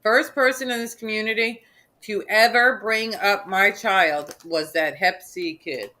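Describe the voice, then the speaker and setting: A woman's voice: medium pitch, unhurried, pushed and bright. A woman hosting a casual live stream, ranting bluntly with frequent restarts.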